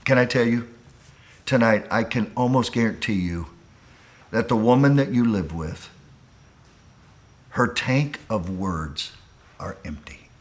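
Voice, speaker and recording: A pastor preaching to men on a call, pleading and impassioned, dropping quiet and then rising to a near shout. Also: male voice, mid-range voice, lively intonation, unhurried, long pauses.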